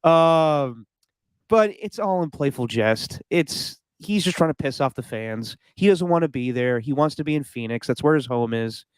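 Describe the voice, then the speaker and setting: A man's voice: medium pitch, animated, moderate pace, smooth, no room sound. A man co-hosting a podcast, giving his opinions in casual sports chat and laughing often. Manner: opinionated, laughs often, does mock impressions. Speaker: podcast co-host.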